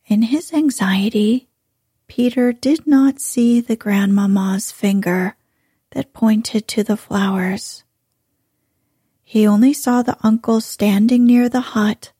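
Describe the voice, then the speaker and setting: A woman narrating a bedtime story in a soft, hushed, unhurried voice. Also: medium pitch, dry recording, clean studio sound. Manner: slow, hushed, breathy delivery.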